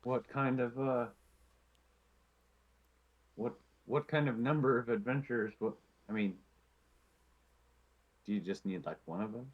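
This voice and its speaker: A man's voice: medium pitch, a little slow, long pauses. A man playing a tabletop game, teasing and poking at the other characters. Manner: teasing, likes to poke at people. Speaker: player. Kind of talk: tabletop role-play in character. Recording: dull lo-fi audio.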